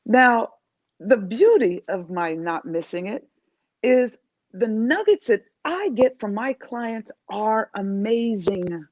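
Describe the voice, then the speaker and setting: A woman from New York, a life coach, talking as a guest in an interview in an animated, emphatic way. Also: mid-range voice, slow pace, no echo, highs cut off. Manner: animated, emphatic, acts out quoted voices. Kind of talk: interview conversation.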